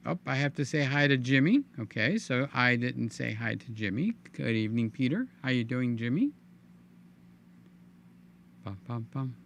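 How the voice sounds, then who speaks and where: An older man hosting a live stream in a casual, chatty way, reading viewer comments aloud with a hoarse, tiring voice. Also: mid-range voice, fairly bright tone, slight background noise. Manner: chatty, reads viewer comments aloud, hums filler sounds. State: hoarse, voice giving out. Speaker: livestream host.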